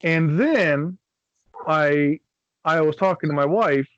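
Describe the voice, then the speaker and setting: A man's voice: fairly high pitch, takes it slowly, dry recording, lo-fi sound. Rambling man telling a story. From Michigan, USA. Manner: rambling storyteller, swears casually, acts out quotes. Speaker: podcast co-host. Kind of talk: casual chat.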